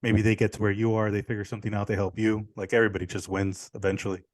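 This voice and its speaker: A man's voice: lowish voice, flat delivery, very fast, dry recording. A man co-hosting a podcast, chatting casually, blunt and opinionated, with some swearing. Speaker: podcast co-host. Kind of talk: casual chat.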